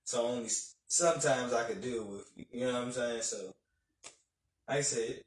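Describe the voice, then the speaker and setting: A man's voice: medium pitch, normal speed. Man giving loose advice, roomy room. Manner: reflective, encouraging, loose with fillers. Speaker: podcast co-host. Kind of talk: casual live-stream chat. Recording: roomy, distant mic.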